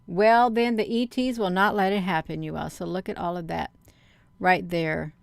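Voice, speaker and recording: A woman's voice: fairly low pitch, fairly even intonation, moderate pace, creaky, smooth, no echo. A woman chatting casually to her viewers, rambling through online rumors with lots of fillers, calling them "you all.". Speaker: vlogger.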